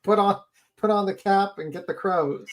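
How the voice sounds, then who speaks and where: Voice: mid-range voice, normal speed. A co-host on a casual livestream panel who talks in a rambling, joking way.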